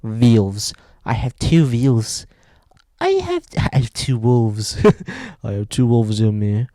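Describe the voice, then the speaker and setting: A man putting on a loud Southern accent to play a crematorium worker. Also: medium pitch, sing-song, takes it slowly, no echo, studio quality. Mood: boisterous. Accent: American Southern.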